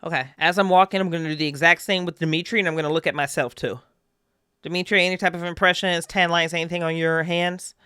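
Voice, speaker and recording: Player voice, smooth and dry, mid pitch, intent and questioning. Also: fairly even intonation, bright, forceful tone, no room sound. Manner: quick questions, intent, planning actions aloud. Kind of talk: in-character roleplay in a horror game.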